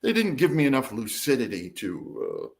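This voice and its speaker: Animated middle-aged man telling a story. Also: mid-range voice, moderate pace. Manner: lively, laughing, acts out quoted dialogue. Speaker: interview guest.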